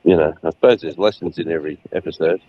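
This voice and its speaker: A man's voice: a bass voice, fast, no room sound. Man, middle-aged, rambling chat, lo-fi sound. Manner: rambling, laughing retellings. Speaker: livestream co-host. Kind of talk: casual chat.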